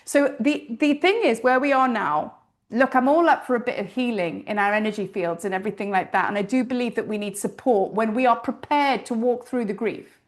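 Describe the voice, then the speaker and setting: A woman, a spiritual teacher and priestess, gives an informal, animated teaching talk, telling stories and swearing casually. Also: on the high side, brisk.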